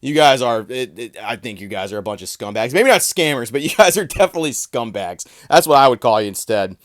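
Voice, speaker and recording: A man's voice: mid-range voice, expressive, a little fast, fairly bright tone, dry recording, studio quality. Profane, mocking male commentator. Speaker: video commentator. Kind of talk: ranting commentary vlog.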